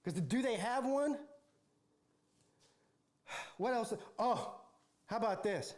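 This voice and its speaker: Sarcastic high-voiced man ranting. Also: expressive, slow. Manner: mocking, sarcastic, rambling with restarts. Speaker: football channel host. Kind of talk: ranting livestream commentary.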